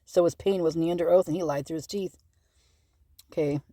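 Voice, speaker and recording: A woman's voice: low-pitched, steady tone, a little fast, warm tone, no echo, clean studio sound. A woman hosting a true-crime channel, reading through a legal document aloud in a casual, rambling way with many fillers and self-corrections.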